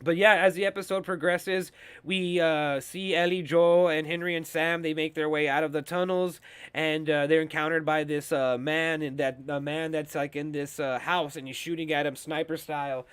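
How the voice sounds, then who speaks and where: A man's voice: fairly high pitch, little pitch movement, normal speed, fairly bright tone, clean tone, no room sound. A young man hosting a show, recapping TV episodes in a loose, rambling, swear-heavy casual style full of fillers. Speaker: show host reviewing TV episodes.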